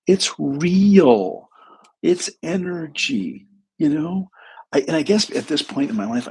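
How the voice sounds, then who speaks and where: A man's voice: mid-range voice, a little mellow, breathy edge, poor audio. A man speaking as a hypnotherapist, telling client stories in a casual livestream talk full of restarts and asides. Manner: conversational storytelling with restarts.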